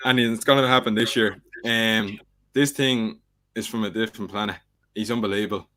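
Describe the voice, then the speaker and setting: A man's voice: fairly low pitch, steady tone, moderate pace, bright, forceful tone. A man, a podcast co-host, talking up a favourite horse with earnest enthusiasm. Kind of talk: casual betting chat.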